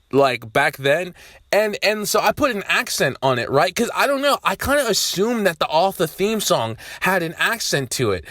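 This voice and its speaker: A young man talking to camera in a loose, rambling way, swearing freely and breaking into loud outbursts. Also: high voice, sing-song, moderate pace, no echo, clean studio sound. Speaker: vlogger. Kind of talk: casual rambling monologue.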